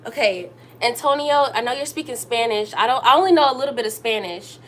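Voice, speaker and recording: Young woman chatting on her live while cooking, kinda high voice, squeals hi to viewers, light hum behind. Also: expressive, a little fast, a bit bright. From Texas. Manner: chatty, talks straight to viewers, bursts up high to greet them. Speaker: livestream host. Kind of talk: casual livestream chat while cooking. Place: home kitchen.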